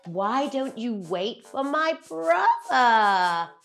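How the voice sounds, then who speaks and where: A woman squeaking as a tiny, timid billy goat. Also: sing-song, extremely slow, creaky, faint music behind, heavily acted. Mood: pleading. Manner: high, squeaky and pleading. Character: small timid young male billy goat.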